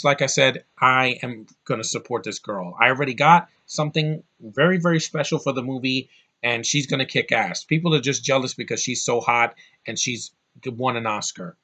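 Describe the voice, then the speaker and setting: A man talking straight to camera in a loose, rambling movie-review vlog. His voice is bright and forward, and he swears freely and gets heated. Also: medium pitch. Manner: rambling, profane, fired-up.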